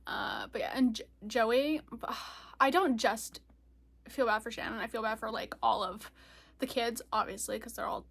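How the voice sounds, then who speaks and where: A young woman with a fairly high voice talks casually about a book, giggling and gushing as she goes. She records herself on her phone. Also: lively intonation, moderate pace, gravelly, fairly bright tone. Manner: giggly, gushing, laughs often. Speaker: book vlogger. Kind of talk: casual reading vlog chat.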